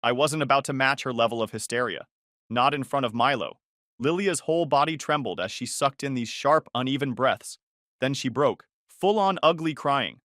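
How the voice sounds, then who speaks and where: Brief: male narrator, tense confessional story read, animated intonation. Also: medium pitch, normal speed, dry recording, studio quality. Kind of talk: first-person story narration.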